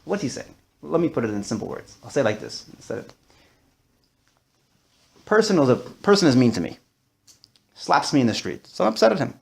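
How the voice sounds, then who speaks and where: A man's voice: medium pitch, sing-song, fairly quick, creaky, pauses often, a little mellow. A man teaching a discussion-style class, talking animatedly and mixing in Yiddish and Hebrew terms. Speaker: Torah teacher.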